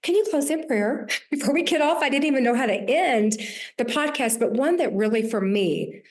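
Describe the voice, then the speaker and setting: A woman's voice: fairly high pitch, animated, normal speed. Earnest Southern woman in her sixties. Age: 60s. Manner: earnest, with many restarts. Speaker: podcast host. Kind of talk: reflective conversation.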